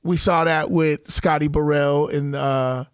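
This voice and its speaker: A man with a high voice co-hosts a sports chat, walking through stories and rumors one by one. He sounds close and dry, with no room around him. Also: fairly even intonation, measured pace, clean tone, dry recording. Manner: storytelling, lays out points for and against, mimics voices. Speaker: podcast co-host. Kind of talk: casual sports banter.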